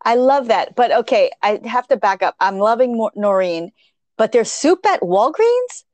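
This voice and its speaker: Enthusiastic woman with a slightly high voice. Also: sing-song, moderate pace, a little mellow, no room sound. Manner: enthusiastic, casual, emphatic. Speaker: podcast co-host. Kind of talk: casual chat.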